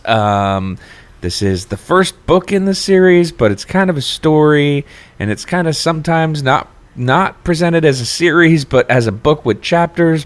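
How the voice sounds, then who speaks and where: Man, podcast co-host, casual chat, joking, lively pitch, laughs often.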